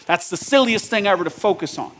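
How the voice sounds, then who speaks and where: A male pastor preaching a sermon in a casual, joking, conversational way, often checking in with the congregation with quick questions. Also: high-pitched, lively intonation, fairly bright tone. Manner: asks the audience rhetorical check-ins.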